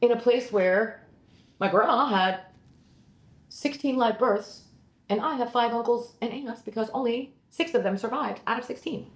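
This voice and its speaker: A woman's voice: a little high, moderate pace, echoey room. A woman co-hosting a podcast, chatting casually in a blunt, rambling way and leaning heavily on "like". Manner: blunt, rambling, heavy use of "like". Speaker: podcast co-host, comedian. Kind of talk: casual chat.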